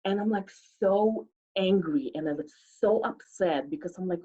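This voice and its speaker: A woman's voice: lowish voice, normal speed, few pauses, mellow, breathy edge, highs cut off. A woman telling a personal story live, chatty and full of "like", acting out the people she quotes.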